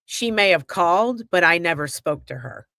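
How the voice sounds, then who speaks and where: Bright-voiced woman podcast co-host. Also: on the low side, animated, dry recording. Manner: deliberate, careful disclaimers, quick agreement. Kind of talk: casual opinion talk.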